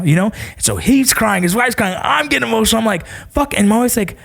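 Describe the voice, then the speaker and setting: A man in a casual podcast chat, telling stories in an animated, profane way and acting out quoted voices. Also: sits high, fast talker, gravelly.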